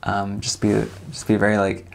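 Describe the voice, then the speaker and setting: A man's voice: on the low side, monotone, normal speed, creaky. A man explaining things in a casual, wry, joking way, with frequent "um" fillers.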